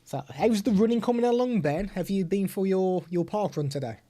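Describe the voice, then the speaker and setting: Man, tech reviewer, mellow voice, chatty demo. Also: sits high, a little fast, a little hiss or hum. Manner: chatty, hands-on explaining. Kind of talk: product demo vlog. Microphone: desktop USB/XLR microphone.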